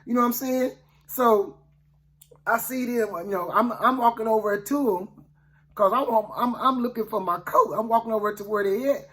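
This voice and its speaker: A man's voice: very high-pitched, moderate pace, a bit bright. Folksy man retelling a Bible story. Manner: folksy, conversational, often asks "you know what I'm saying". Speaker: preacher. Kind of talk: casual first-person Bible storytelling.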